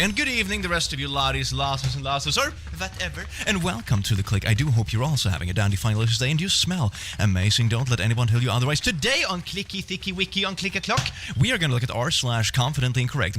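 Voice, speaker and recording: A man's voice: mid-range voice, fairly bright tone, a little hiss or hum. A man streaming casually, reading online posts aloud and mocking them in a playful, teasing way.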